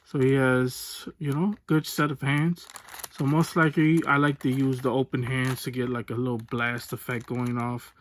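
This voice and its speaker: A man's voice: mid-range voice, normal speed, slight background noise. Laid-back American man unboxing toys. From United States. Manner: relaxed, rambling, repeats "so there's that". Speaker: toy unboxing channel host. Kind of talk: casual unboxing vlog. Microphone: phone or webcam on desk.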